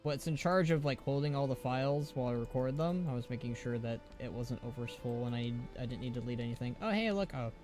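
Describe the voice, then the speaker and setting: A man streaming a game live, chatting loosely and cracking small jokes. His pitch is middling for a man. Faint music plays under him. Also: flat delivery, fast, few pauses, darkish tone. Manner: chatty, jokey asides. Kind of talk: casual live gameplay commentary.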